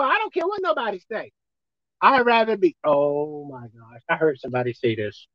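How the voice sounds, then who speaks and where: Woman preacher, folksy and dramatic, high voice jumping all over, dull dry lo-fi sound. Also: wildly swooping pitch, moderate pace, no room sound. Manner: emphatic, dramatic swings between shouting and hushed; folksy, colloquial. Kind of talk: sermon.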